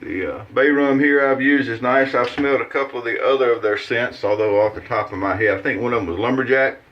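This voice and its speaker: A man's voice: mid-range voice, quick pace, slight background noise. A man with a mid-range voice chats in a folksy, rambling way while he shaves, walking through his routine with plenty of "uh"s and restarts. He sounds like he is at a bathroom sink, and the recording is dull and a little lo-fi. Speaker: shaving channel host. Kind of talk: casual how-to chat while shaving.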